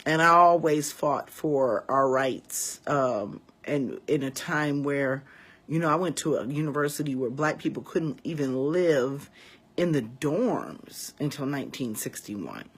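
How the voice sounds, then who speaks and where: Husky profane woman from Chicago. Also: very deep voice, animated, unhurried. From Chicago West Side. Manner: emphatic, profane, talks straight to viewers. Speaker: vlogger and priestess. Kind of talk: casual storytelling rant to viewers.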